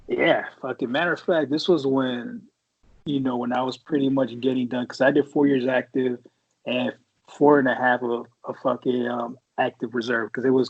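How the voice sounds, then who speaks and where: Brief: husky-voiced Marine vet in his forties, co-hosting a podcast, rambling and profane. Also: mid-range voice, muffled recording. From San Francisco Bay Area. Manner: profane and rambling, full of fillers and restarts. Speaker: podcast co-host, Marine veteran. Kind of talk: casual storytelling chat.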